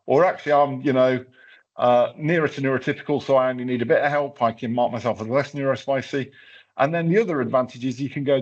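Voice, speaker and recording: A man with a mid-range voice talks fast as he presents a hands-on workshop, walking casually through a live tech demo with plenty of fillers and restarts. The recording has a slightly dull, lo-fi sound.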